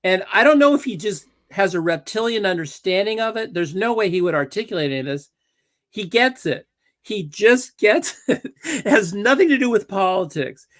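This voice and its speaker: A man's voice: high-pitched, animated, moderate pace, a bit bright. A man on a panel, theorizing in a musing, amused way. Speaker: political commentator on a panel. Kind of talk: analytical panel talk.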